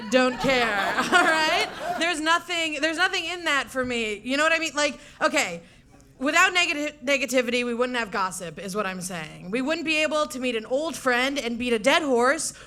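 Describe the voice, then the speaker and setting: A woman's voice: high-pitched, sharp tone. A young woman comedian giving a brash, profane, sarcastic stand-up debate speech.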